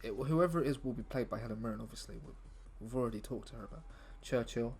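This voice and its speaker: A man's voice: mid-range voice, creaky, slight background noise. Musing man thinking aloud on a stream. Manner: musing, trails off, chatty with viewers. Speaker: comedian writing a script live on stream.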